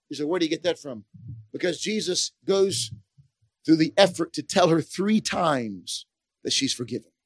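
High-voiced male preacher, dynamic. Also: no echo. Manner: dynamic preaching, swings from hushed to shouting. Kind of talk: sermon.

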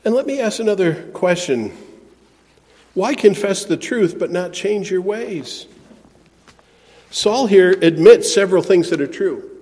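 A man preaching a sermon, shifting between soft, reflective passages and emphatic ones. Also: sits high, animated, a little slow, long pauses. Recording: long hall reverb.

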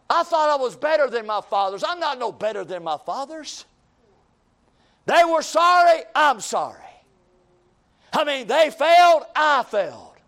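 A man's voice: extremely high pitch, fairly bright tone. A man preaching a sermon in church, acting out the despairing talk of ordinary people.

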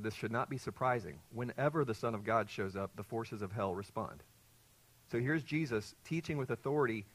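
A man preaching an expository sermon to his congregation, teaching earnestly, quizzing his listeners and surging louder on key points. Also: medium pitch, poor audio. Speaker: pastor.

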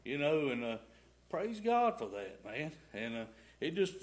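With big pitch swings in a slightly high voice, a middle-aged man takes his time through a rambling, folksy testimony in a church sanctuary, using "y'all" and "ain't."

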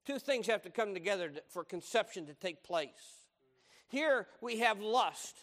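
A man's voice: high voice, expressive, a little slow, a bit bright. An older man preaching a sermon, emphatic and repeating his key lines. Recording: long hall reverb.

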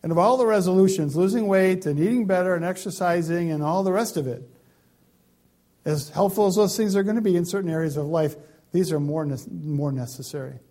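A man delivers a sermon in a fairly high, warm and mellow voice. He stresses key words hard, stacks them in lists, then eases into quieter, pleading passages. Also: fairly quick. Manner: emphatic, swings from loud stresses to quiet pleading. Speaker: pastor.

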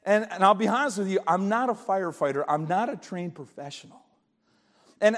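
An older male preacher with a high voice delivers a dramatic sermon in a church. He acts out a story, dropping to a hush one moment and shouting the next. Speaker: pastor. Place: church sanctuary.

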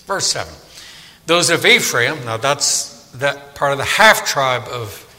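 A man delivers a sermon with a bright, ringing voice that climbs and dips expressively. He keeps it conversational, tossing questions to his listeners, and his words trail off into a long hall reverb. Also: mid-range voice, slow pace. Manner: animated, conversational, asks the audience questions. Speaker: preacher. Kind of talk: sermon Bible study.

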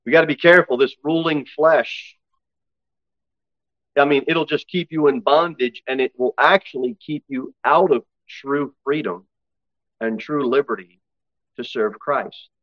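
A fiery male preacher delivers a sermon, swinging from loud exhortation to low, intense asides and slowing down for emphasis as he reads scripture aloud. The recording is dull and dry, with no room sound.

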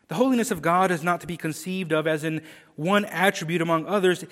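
A man delivers a sermon in a high, ringing voice. He swells to loud proclamation and then sinks to hushed, low lines. His words carry a long reverb, as if spoken in a large hall. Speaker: preacher.

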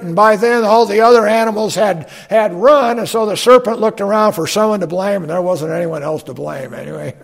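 This man's gravelly voice sits high as he preaches a sermon as a pastor. He reads scripture aloud slowly, mixing in fillers and folksy asides.

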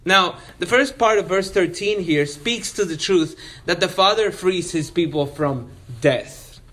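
High-voiced man preaching a sermon. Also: a little slow, fairly bright tone. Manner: earnest, emphatic scripture reading and explanation. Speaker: pastor. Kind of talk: expository sermon.

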